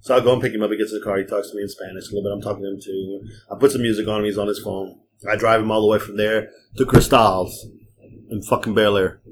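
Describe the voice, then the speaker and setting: A man's voice: lowish voice, little pitch movement, fast talker, a little hiss or hum. A man hosting a podcast, telling long profane stories in a casual chat and acting out the people in them. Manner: profane, rambling anecdotes; acts out quoted people. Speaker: podcast host and rideshare driver.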